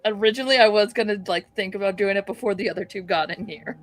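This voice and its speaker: A woman's voice: medium pitch, fast talker, slight background noise. Chatty woman playing a tabletop game. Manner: chatty, loose, with many fillers. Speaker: player. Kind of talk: casual tabletop play.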